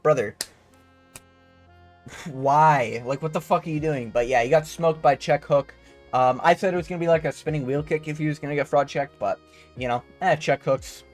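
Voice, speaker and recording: Rambling man, slangy, a bit high. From Canada. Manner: rambling, profane, slangy, keeps tagging "okay?". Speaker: MMA fight analyst. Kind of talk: casual fight breakdown commentary.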